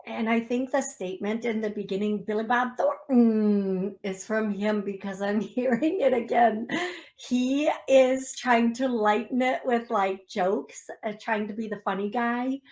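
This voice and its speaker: A woman with an Upper Midwest American accent hosts a call-in radio show. She talks slowly and gently, with a slightly higher voice. She grows emotional now and then while reading listeners' messages. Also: steady tone. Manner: slow, gentle, emotional, reads chat messages aloud. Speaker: psychic medium radio host.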